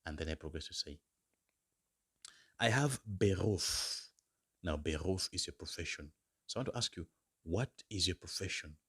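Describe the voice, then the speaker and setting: A man teaching beginner German phrases in English, slowly modelling each phrase and repeating words for learners. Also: deep voice, expressive, fairly bright tone, husky. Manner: slow, drawn-out modelling of example phrases. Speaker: German language tutor.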